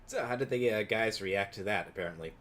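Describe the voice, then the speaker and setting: A man's voice: fairly low pitch, fairly quick, a bit bright, a little hiss or hum. A man playing a tabletop game, joking and talking in character as his hero. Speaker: player.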